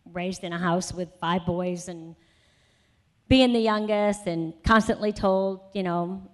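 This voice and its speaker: Her voice is on the low side, slow and fairly even in intonation. She's a conference speaker delivering a sermon built around her personal testimony, told conversationally with lots of asides and rising to emphatic conviction in a conference session.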